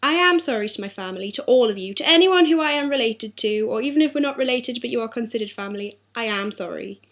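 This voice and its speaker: A woman's voice: on the high side, lively intonation, fast talker, a bit bright. A young woman talking earnestly and apologetically in a personal video diary, her throat sore. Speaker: vlogger.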